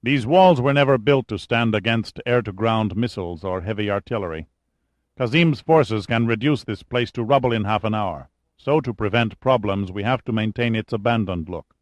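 A man voicing a calm, decisive colonel in a measured, authoritative manner. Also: on the low side, no room sound, natural voice.

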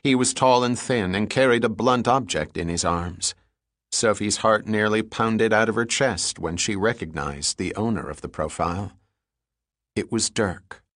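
Man reading an audiobook, lowish voice, dry close sound, steady. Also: measured pace, dry recording. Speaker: audiobook narrator. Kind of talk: scripted narration.

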